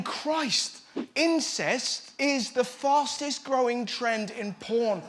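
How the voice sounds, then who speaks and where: A man doing a stand-up monologue as host, mocking and slipping into silly voices. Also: very high-pitched. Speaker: comedian host. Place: studio with live audience. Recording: loud crowd and noise. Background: audience laughter.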